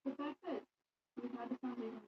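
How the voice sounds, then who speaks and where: A woman's voice: on the high side, steady tone, quick pace, distant mic. A woman chatting casually, telling a rambling story with lots of fillers. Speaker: streamer. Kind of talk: casual chat. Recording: dull lo-fi stream audio with clear hiss.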